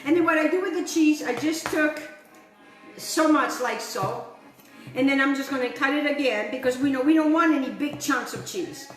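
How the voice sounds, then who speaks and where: A chatty, enthusiastic middle-aged woman demonstrates home cooking in her kitchen, speaking at a moderate pace in a high voice, sprinkling in fillers and asides. Her echoey room carries faint music behind her.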